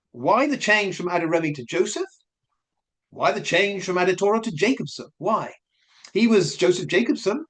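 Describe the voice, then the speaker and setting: A man talks through his suspicions in a loose, chatty commentary. His voice sits a little high and swings widely in pitch as he questions and repeats himself. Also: fairly bright tone. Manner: questioning, speculative, repeats points. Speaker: commentary vlogger. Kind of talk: casual spoken commentary.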